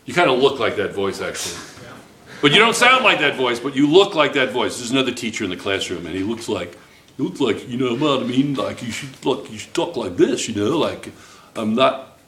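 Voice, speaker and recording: A male chemistry teacher talks his class through problems in a loose, joking way, always checking in with them. His voice is bright and forward, and it echoes around a roomy classroom. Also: medium pitch, sing-song, fairly quick. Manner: chatty, joking, checks in constantly with "right?". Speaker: high school chemistry teacher. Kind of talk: classroom lecture.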